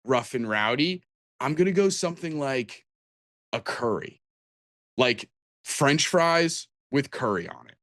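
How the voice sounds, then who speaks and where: A man's voice: mid-range voice, animated, measured pace, pauses often, fairly bright tone, dry recording, clean studio sound. A man co-hosting a podcast, chatting casually about tabletop games in a rambling way with many restarts. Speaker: podcast co-host.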